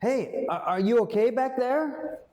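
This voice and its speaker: A man's voice: very high-pitched, animated, measured pace, darkish tone, echoey room, pitched above the performer's own voice. A man playing a startled adult male driver in a school ghost play, reading the script lines aloud with a raised, wide-eyed rehearsal delivery. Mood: alarmed.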